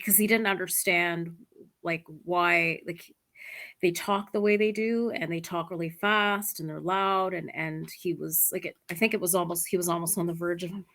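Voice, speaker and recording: Woman, English teacher, bright tone, chatty, laughs easily, heard over a video call. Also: on the low side. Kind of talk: online English lesson conversation. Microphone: computer mic on a video call.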